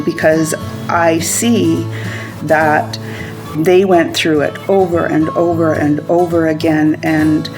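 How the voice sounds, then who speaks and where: A woman in an interview speaking in a thoughtful, hopeful way. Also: sits low. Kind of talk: reflective interview. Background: guitar music.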